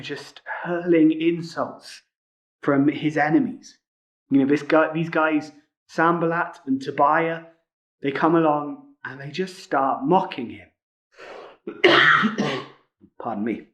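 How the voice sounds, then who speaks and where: A man's voice: fairly high pitch, a bit bright. Conversational man preaching a sermon. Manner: conversational, with frequent rhetorical tag questions. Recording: muffled lo-fi recording.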